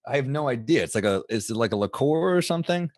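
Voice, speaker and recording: A man with a New York accent co-hosting a casual drinking podcast, animated and swearing, laughing easily between lines. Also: medium pitch, quick pace. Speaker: podcast co-host.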